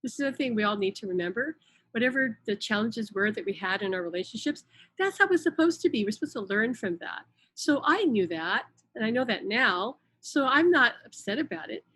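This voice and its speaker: A middle-aged woman talking casually on a live stream, retelling events in an animated way with many restarts and quoted dialogue. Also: fairly high pitch, brisk. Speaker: host, spiritual channel.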